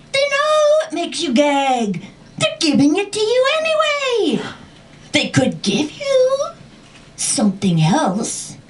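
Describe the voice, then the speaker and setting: A woman voicing a bossy, brash older woman who loudly scolds and rants at a father, captured on a distant mic with faint room noise. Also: high voice, voice pushed up, exaggerated voice. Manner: loud, scolding, fast-ramping rants.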